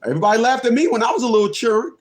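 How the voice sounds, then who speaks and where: A man's voice: very high voice, lively intonation, racing. A man in his fifties ranting on a livestream, laughing often, repeating himself and cursing. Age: 50s. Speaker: livestream host. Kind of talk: rambling livestream rant.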